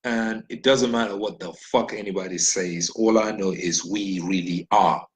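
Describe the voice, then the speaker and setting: A man from Nigeria delivers an impassioned, blunt monologue in a fairly low, steady voice at a moderate pace, on a low-quality recording. He rants, swears freely, and fires off rhetorical questions.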